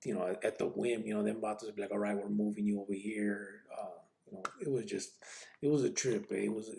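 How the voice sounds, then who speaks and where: A man with a deep, heavily gravelly voice tells his own story on a podcast. He rambles in a laid-back way, with slang, swearing and a steady "you know what I mean". The tone stays casual throughout. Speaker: podcast host.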